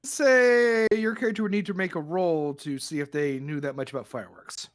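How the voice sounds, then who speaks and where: A man narrating as game master of a tabletop game, loose and halting with many fillers. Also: high voice, no room sound, studio quality.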